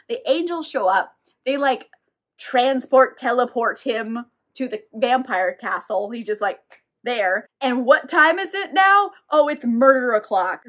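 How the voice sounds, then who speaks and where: A woman's voice: a little high, a bit bright. A woman giving a casual, sarcastic recap of a novel, with wry asides and some swearing. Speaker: book reviewer.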